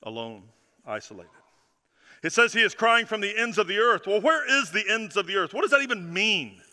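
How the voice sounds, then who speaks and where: High, bright-voiced preacher in an echoing hall. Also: male voice, expressive, a little fast. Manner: emphatic preaching with repeated phrases, dropping soft and low for effect. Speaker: pastor. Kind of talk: sermon. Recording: long reverb of a large hall.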